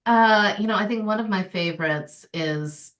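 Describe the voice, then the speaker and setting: A woman author speaking as a guest in an interview, animated and playful, laughing easily. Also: mid-range voice, normal speed, distant mic. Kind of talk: casual conversational interview.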